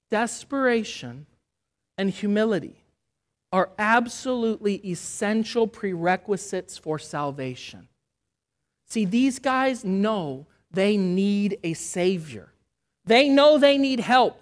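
A woman preaching a sermon. She speaks earnestly and stresses key phrases by slowing down. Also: fairly high pitch. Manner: acts out the voices of people in the story.

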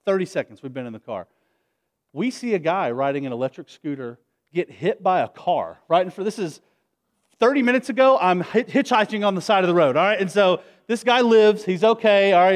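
A man preaching a sermon as pastor, telling stories conversationally and rallying the congregation. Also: sits high. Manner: conversational, energetic, rallies the congregation. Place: church, before a congregation.

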